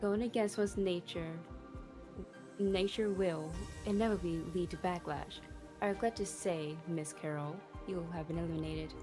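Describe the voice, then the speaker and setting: A cold, stern head chef speaks low and quietly, with a solemn finality, as a woman voices her. Faint music sits behind her. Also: steady tone, normal speed, lightly acted.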